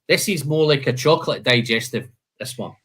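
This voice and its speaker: A man's voice: mid-range voice, lively intonation, a little fast, fairly bright tone, breathy edge. A man hosting a live whisky tasting, listing flavour notes and chatting casually, calling people "man" and "mate".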